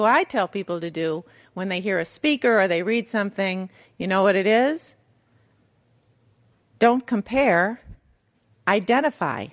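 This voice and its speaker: A middle-aged woman giving a candid personal testimony to a recovery group, storytelling with self-mocking humor. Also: mid-range voice. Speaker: recovery meeting speaker.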